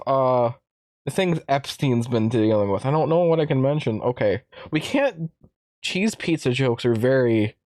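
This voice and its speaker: A man's voice: mid-range voice, mellow, dry recording. A man hosting a casual stream, talking bluntly and defiantly in a rambling way at a close desk mic. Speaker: streamer host. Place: home streaming setup.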